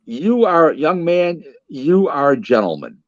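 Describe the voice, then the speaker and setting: A man's voice: on the high side, big pitch swings, measured pace. A man voicing a wealthy, very old man who is genial and generous, in dull lo-fi audio. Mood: admiring.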